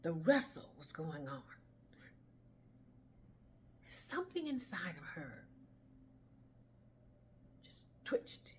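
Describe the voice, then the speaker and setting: A woman tells a dramatic story in an expressive, unhurried way. Her pitch rises and falls widely as she acts out the dialogue, and she often drops to a whisper. A faint hiss sits under her voice.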